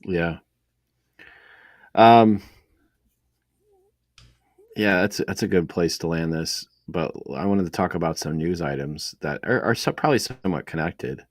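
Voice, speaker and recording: A man's voice: low voice, a little slow, pauses often, dry recording, clean studio sound. A man co-hosting a casual faith podcast, talking in a rambling way with many fillers and restarts. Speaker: podcast co-host.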